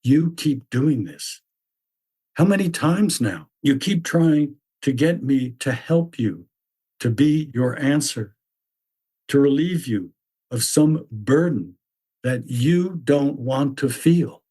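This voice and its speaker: A man voicing a stern mythic figure who lectures bluntly in a measured, repetitive way. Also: medium pitch, lively intonation, mellow, slightly rough. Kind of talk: reflective spoken essay.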